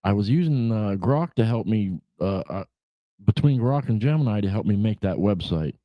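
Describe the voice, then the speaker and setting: A man's voice: fairly low pitch, animated, moderate pace, no room sound, lo-fi sound. A man hosting a casual livestream chat show, rambling and laid-back, swearing freely, with lots of "you know" fillers. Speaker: podcast host.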